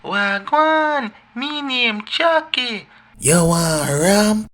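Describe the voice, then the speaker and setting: A performer voicing a menacing male killer doll with a Jamaican accent in a cartoon, loud and slow. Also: mid-range voice, sing-song, noisy background.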